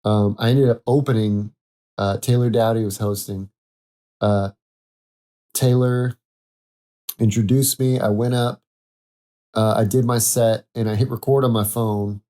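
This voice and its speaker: A man's voice: fairly low pitch, steady tone, measured pace, pauses often, dark tone. A man hosting a casual solo podcast, rambling, correcting himself and laughing at his own jokes. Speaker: podcast host.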